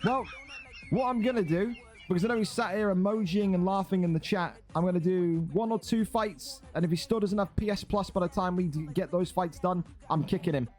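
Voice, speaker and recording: A man's voice: high-pitched, brisk, darkish tone, soft background music. An exasperated, sarcastic man, ranting and swearing as a streaming league host. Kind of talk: ranting livestream commentary.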